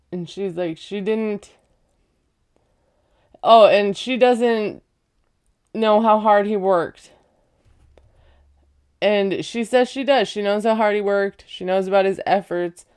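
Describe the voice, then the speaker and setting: Chatty sarcastic woman with a smooth voice. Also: mid-range voice, takes it slowly, pauses often, darkish tone. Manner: chatty, sarcastic, laughs at own jokes. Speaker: recap vlogger. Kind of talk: casual reality-show recap.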